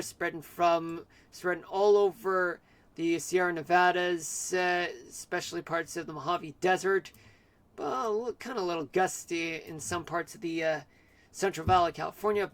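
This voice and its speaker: A man streaming live, giving an amateur weather forecast in a halting way with many fillers and restarts. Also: high-pitched, fairly bright tone.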